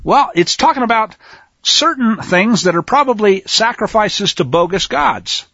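A man giving a teaching sermon, reading scripture aloud slowly with heavy emphasis and breaking in with casual asides. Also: high-pitched, big pitch swings, pushed and bright, slightly rough, dry recording, dull audio. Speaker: Bible teacher.

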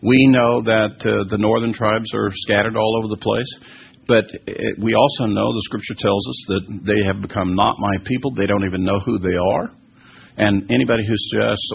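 A man's voice: on the low side, fairly even intonation, moderate pace, vocal fry, slight background noise. A man teaching scripture and answering listeners' questions, earnest and emphatic, with many fillers and restarts. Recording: dull lo-fi recording.

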